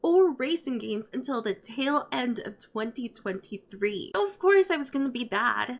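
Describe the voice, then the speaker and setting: A young woman narrating a gaming vlog and reacting live, excitable, giggly and often apologetic. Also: a little high. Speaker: gaming vlogger. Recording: noisy game audio behind.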